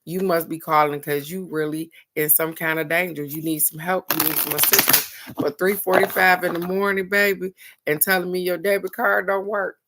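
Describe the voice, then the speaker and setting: Low-voiced woman telling a frank story. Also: moderate pace, background noise. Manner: animated storytelling, acting out quoted voices, addressing viewers directly; frank and blunt, with the odd curse word. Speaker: host of a daily card reading show. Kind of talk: casual spiritual chat to viewers.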